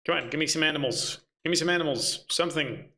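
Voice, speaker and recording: A man's voice: a little high, quick pace, sharp tone. A man running a tabletop game, muttering and swearing to himself as he hunts for his notes. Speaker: game master.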